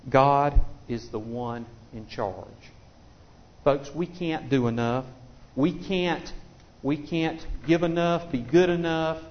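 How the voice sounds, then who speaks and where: A man's voice: on the high side, slow pace. A man preaching a sermon in a conversational, folksy way, often repeating himself as he restarts phrases. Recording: dull lo-fi recording.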